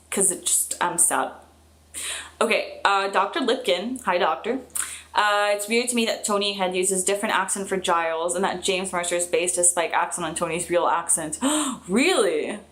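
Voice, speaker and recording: A young woman chatting casually on a live stream, reading out viewer comments in a chatty, excitable way with fillers and quick laughs. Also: mid-range voice.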